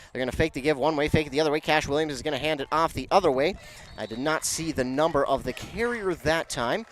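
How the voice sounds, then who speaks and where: A man calling a local high school football game, chatty and self-correcting, rising in pitch and volume on big plays. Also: a little hiss or hum. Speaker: play-by-play announcer. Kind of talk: local football play-by-play commentary.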